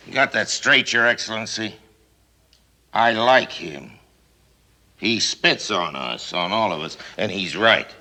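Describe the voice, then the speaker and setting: A man's voice: on the low side, lively intonation, slow, long pauses, bright, forceful tone, full character voice. An actor playing a brash, boastful TV showman in a 1950s film, talking in a bombastic, domineering way. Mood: defiant. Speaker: TV broadcaster on safari.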